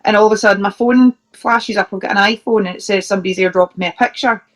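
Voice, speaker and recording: A Scottish woman in the middle of an interview, telling funny road stories in a loose, chatty way. She laughs as she goes, trips over her words and restarts her sentences. Her voice sits at a medium pitch. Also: steady tone, fast talker. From Scotland. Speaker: professional wrestler, interview guest. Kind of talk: casual anecdote telling.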